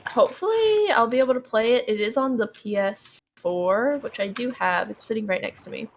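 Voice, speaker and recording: A woman's voice: a little high, lively intonation, moderate pace, a little hiss or hum. A young adult woman co-hosting a gaming podcast in casual chat, rambling with lots of ums and likes. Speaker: podcast co-host.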